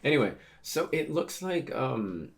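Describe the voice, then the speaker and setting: A man's voice: medium pitch, very animated, measured pace, vocal fry, a little hiss or hum. A man casually reading a manga chapter aloud and reacting, often stumbling over words as he goes. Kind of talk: casual manga read-through with commentary.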